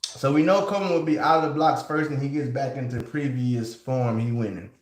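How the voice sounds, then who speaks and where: A male livestream host who talks straight to his chat in an excitable, casual way. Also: mid-range voice, fairly quick, reverberant.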